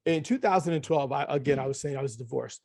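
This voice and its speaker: A man's voice: mid-range voice, quick pace, vocal fry. Emphatic man telling a personal story. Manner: emphatic, ranting, drops to a hushed tone for quoted self-talk. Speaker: podcast guest. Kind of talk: animated conversational storytelling.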